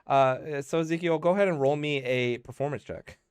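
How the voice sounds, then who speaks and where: A man's voice: fairly high pitch, a little fast, clean tone, no echo. A man acting as game master, narrating a tabletop game in a laid-back way with lots of fillers and chuckles.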